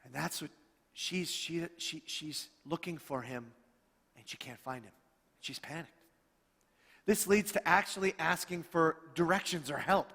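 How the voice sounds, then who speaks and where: A middle-aged male pastor tells stories from the pulpit, slightly high-voiced and animated, slipping into the voices of the people in his tales. His words ring out with a long reverb off a church sanctuary. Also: unhurried, vocal fry. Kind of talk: storytelling sermon.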